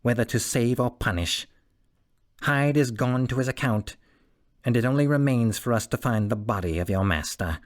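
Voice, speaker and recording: A man's voice: medium pitch, normal speed, natural voice. A man voicing a stern, resolute middle-aged lawyer who speaks in a firm, commanding way.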